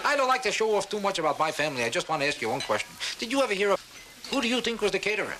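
A man doing a stand-up routine, with deadpan, mock-serious bragging to a laughing audience. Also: high voice, rapid-fire, noisy background. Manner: deadpan boastful delivery with mock-serious asides. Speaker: stand-up comedian.

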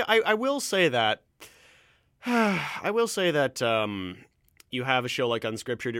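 A Canadian man from Ontario hosts a solo podcast in a rambling, tangent-prone way, often restarting his sentences and stammering. His mid-pitched voice moves around a lot in a lively melody. The sound is dry and close to the mic. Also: no echo. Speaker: podcast host. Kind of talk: casual solo podcast chat.

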